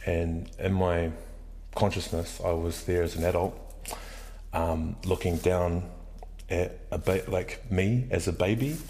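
A man's voice: low voice, fairly even intonation, unhurried, dark tone. A man in his forties talking candidly in a casual podcast conversation, rambling with lots of fillers and swearing freely. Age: 40s.

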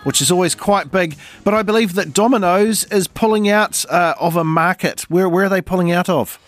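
A man hosting morning radio. He keeps a light, joking tone and reads the figures briskly. The studio sound is close and dry. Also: high voice, dry recording, faint music behind. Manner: jokey, chatty, reads figures aloud. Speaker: radio news host. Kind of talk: casual morning radio banter.

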